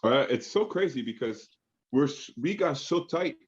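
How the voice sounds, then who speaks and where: A man's voice: medium pitch, expressive, normal speed. Man, actor guest, eager and chatty, muffled lo-fi sound. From Canada. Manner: enthusiastic, lots of fillers and restarts. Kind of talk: casual interview chat.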